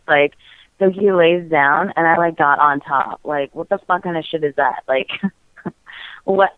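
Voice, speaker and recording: This podcast guest has a low-pitched voice and talks a little slowly as she candidly recounts something personal. Giggly and leaning heavily on "like," she comes through tinny, phone-like dry audio without any room sound.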